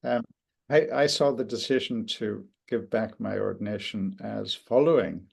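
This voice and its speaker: An older man giving an interview, speaking reflectively and haltingly, with many restarts and pauses. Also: on the low side, creaky, a little mellow, slightly rough. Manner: thoughtful, halting with frequent restarts and fillers. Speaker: interview guest, author.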